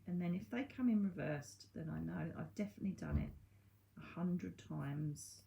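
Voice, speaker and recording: A woman's voice: fairly low pitch, normal speed, gravelly, dark tone. Chatty woman reading cards. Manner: chatty, reassuring, laughs at herself. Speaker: psychic medium reading cards. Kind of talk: casual tarot card reading to camera.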